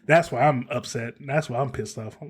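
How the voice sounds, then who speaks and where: A man's voice: medium pitch, fairly quick, husky. A man hosting a casual podcast, telling a story in a heated way and swearing freely. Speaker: podcast host.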